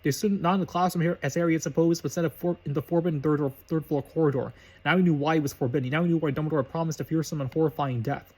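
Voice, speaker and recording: A man reading a story aloud briskly, with slips and restarts. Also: a little high, steady tone, a little mellow, slightly rough. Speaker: reader of fan fiction.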